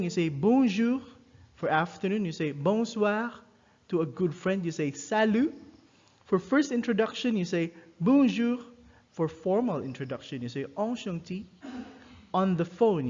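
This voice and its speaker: A man giving a recorded French lesson, slowly repeating each phrase for students to copy. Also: fairly high pitch, darkish tone, highs cut off. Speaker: French teacher.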